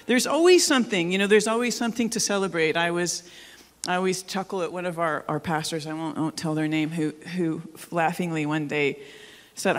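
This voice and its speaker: A woman's voice: fairly low pitch, brisk. Joking woman pastor in a reverberant hall. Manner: joking, conversational, asks the congregation questions. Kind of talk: sermon. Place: church hall.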